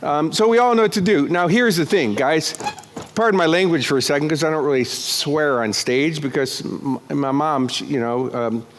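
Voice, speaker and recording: A man giving a live motivational keynote speech on a conference stage, energetic and joking, with crude asides. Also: a little high, moderate pace, slight background noise. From United States. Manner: energetic, jokey, crude asides, acts out characters. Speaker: motivational speaker.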